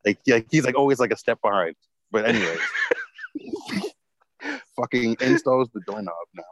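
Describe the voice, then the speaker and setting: A man's voice: mid-range voice, expressive, moderate pace, no room sound, poor audio. Swearing man telling a rambling story. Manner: rambling, heavy swearing, lots of fillers. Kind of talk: casual storytelling chat.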